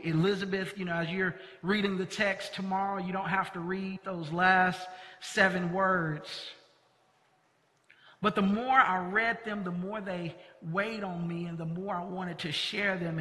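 High, bright-voiced male preacher in a reverberant hall. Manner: earnest preaching with emphatic stress on key words. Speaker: pastor. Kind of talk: sermon. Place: church sanctuary. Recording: long reverb of a large hall.

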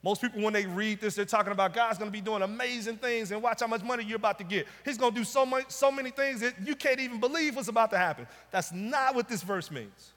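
A male pastor preaches with a notably high voice, leaning hard on repeated rhetorical questions. His delivery is emphatic and pointed. The sound rings out with the long reverb of a large church sanctuary. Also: quick pace, hardly any pauses, fairly bright tone. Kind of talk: sermon.

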